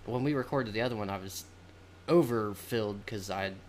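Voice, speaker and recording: A man's voice: on the low side, moderate pace, a little hiss or hum. A man co-hosting a podcast in casual, profane chat, laughing often. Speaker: podcast co-host.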